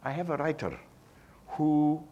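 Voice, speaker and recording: A man putting on an Italian accent to imitate an older Italian film director who explains things slowly and haltingly. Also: on the high side, narrow, tinny audio, slight background noise, voice pushed up, natural voice. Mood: patiently explaining.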